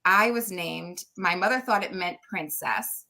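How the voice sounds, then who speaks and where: A middle-aged woman, a guest on an interview show, chatting loudly and laughing often as she tells stories. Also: fairly low pitch, measured pace. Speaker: guest, tarot reader and medium. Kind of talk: casual interview chat.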